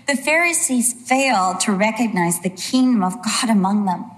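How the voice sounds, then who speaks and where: A woman's voice: medium pitch, lively intonation, normal speed. A woman preacher giving a sermon, earnest and emphatic, with a lot of repetition.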